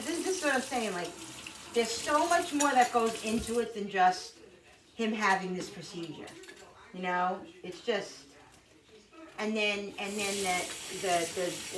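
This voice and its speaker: A woman's voice: mid-range voice, background noise. Rambling woman in an echoey kitchen. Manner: rambling, emotional, many restarts and "you know"s. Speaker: vlogger. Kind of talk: casual storytelling. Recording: echoey kitchen from far off, clattering dishes.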